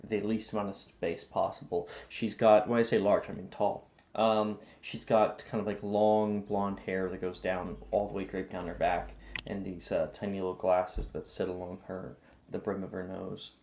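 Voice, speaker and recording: Male game master, relaxed filler-heavy scene narration. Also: low voice, normal speed, a little hiss or hum.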